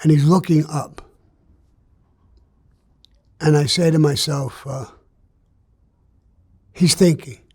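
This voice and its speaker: A man's voice: a little high, steady tone, takes it slowly, long pauses, a little mellow, husky. An older man, telling a story in an interview in a blunt, streetwise way and acting out the dialogue. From New York.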